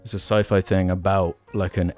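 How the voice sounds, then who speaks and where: Brief: male podcast host, low and mellow voice, relaxed jokey banter, faint music underneath. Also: normal speed. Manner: laid-back, jokey banter. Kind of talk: casual chat among friends.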